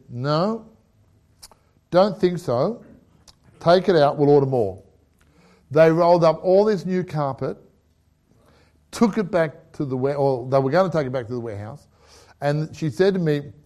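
A middle-aged Australian man preaching a testimony, telling a story with acted-out dialogue and laughter. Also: a little high. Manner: animated storyteller who acts out dialogue and laughs.

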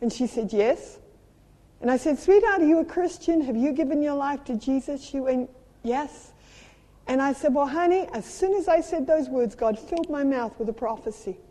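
A middle-aged woman with a South African accent, preaching a sermon as a traveling minister, moving between lively personal stories and emphatic urging. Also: high voice, normal speed. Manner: animated storytelling with playful sound effects and emphatic exhortation. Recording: long hall reverb.

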